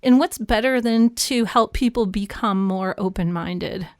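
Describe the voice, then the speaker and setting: A woman guest in a casual podcast chat, eager and quick to agree. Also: mid-range voice, no echo, studio quality.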